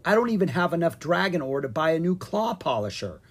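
A reader voicing an excitable young girl dragon in a storybook, speaking high and eager. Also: fairly quick, husky.

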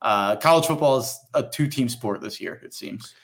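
A man's voice: mid-range voice, normal speed. A young man co-hosting a casual sports podcast, rambling and self-deprecating, swearing freely. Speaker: podcast co-host.

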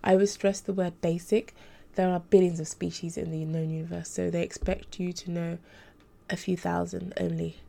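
A woman's voice: lowish voice, flat delivery, moderate pace, gravelly, dark tone. A woman voicing a formal, hesitant angel tutor. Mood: earnest. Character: troubled young female angel tutor.

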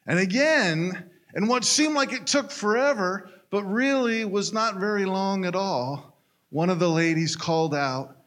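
A man's voice: fairly high pitch, measured pace, a bit bright. A man telling a story in a folksy, conversational way, talking straight to his listeners. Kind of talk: storytelling in a casual retelling.

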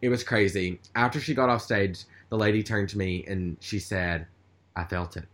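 Casting: male co-host, slightly low voice, rambling and chatty storyteller. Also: moderate pace, a bit bright. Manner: rambling, chatty, with many fillers. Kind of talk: casual storytelling chat.

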